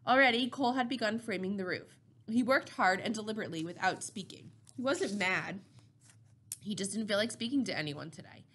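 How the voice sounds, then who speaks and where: A woman narrating a novel chapter in a steady, measured reading voice. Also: mid-range voice, husky. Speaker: audiobook reader.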